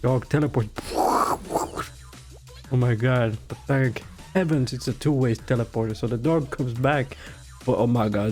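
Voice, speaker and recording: A man's voice: medium pitch, steady tone, measured pace, a little mellow, faint music behind. A man giving an irreverent, profane, rambling comedy rant about game lore, with giggly asides. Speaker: video creator.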